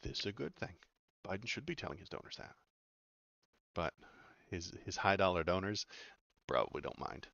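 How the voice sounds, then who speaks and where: A man's voice: deep voice, sing-song, moderate pace, creaky, fairly bright tone, no room sound, dull audio. A man giving casual, sarcastic political commentary as he reads news aloud, rambling with many fillers.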